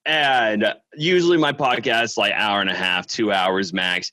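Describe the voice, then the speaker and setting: A man's voice: lowish voice, measured pace, dry recording. A young man guesting on a casual podcast, telling stories with frequent laughs. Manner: laughs often, lively storytelling. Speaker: podcast guest, fellow reaction creator.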